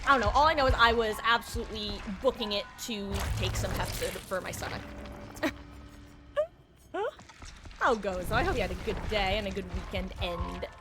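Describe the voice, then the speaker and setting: A woman's voice: medium pitch, moderate pace, long pauses. A woman live-streaming a game, chatting casually with viewers, greeting them and musing on playful wordplay. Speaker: livestreamer. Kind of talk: casual live-stream chat while gaming. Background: game music.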